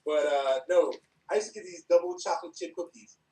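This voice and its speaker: A man from New York, a guest on a podcast, telling stories with laughter and acted-out quotes in a relaxed chat. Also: fairly high pitch, a little fast. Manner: animated, acts out quotes, laughs often. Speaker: podcast guest, former wrestler. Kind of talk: casual storytelling chat. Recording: roomy, from a distance.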